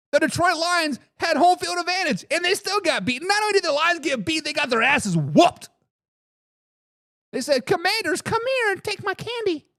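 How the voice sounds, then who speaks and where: A man's voice: very high voice, fairly bright tone, dry recording, clean studio sound. A man hosting a live sports talk show, trash-talking with brash energy as he answers viewers in the chat.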